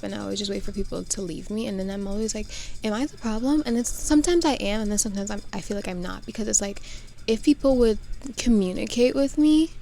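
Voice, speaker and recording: Frustrated young woman venting, gravelly. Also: medium pitch, warm tone. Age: 20s. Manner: rambling, frustrated, self-interrupting. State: tired and drained after crying. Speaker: vlogger. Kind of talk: emotional confessional vlog.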